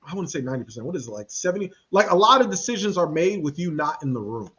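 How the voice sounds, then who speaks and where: A man hosting a podcast, talking in a casual, animated and slangy way and acting out the people he quotes. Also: fairly high pitch, fast talker, muffled recording. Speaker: podcast host. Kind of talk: casual commentary chat.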